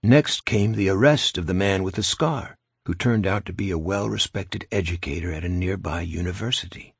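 Husky-voiced male audiobook narrator. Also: low-pitched, normal speed, no echo, studio quality. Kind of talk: scripted narration.

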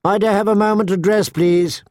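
A man's voice: a little high, lively intonation, unhurried, a little mellow, no room sound, clean studio sound. A man voicing a proud, vain young noble girl who talks haughtily, in an audiobook reading. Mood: polite. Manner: haughty, whiny.

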